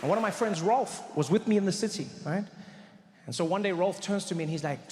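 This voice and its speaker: A man doing stand-up comedy on a live stage, telling an animated story and acting out the voices of other people. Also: sits high, fairly quick, in a large hall.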